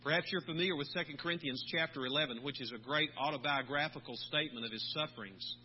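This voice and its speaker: A man, a pastor, preaching a sermon in a measured way, slowing down on key words. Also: on the high side. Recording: dull lo-fi recording with faint hum.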